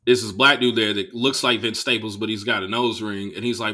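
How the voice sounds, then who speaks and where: A young adult man from the Bay Area hosting a podcast, telling a loose, profane, animated story in a casual monologue. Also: fairly low pitch, fairly quick. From Bay Area, California. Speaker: podcast host.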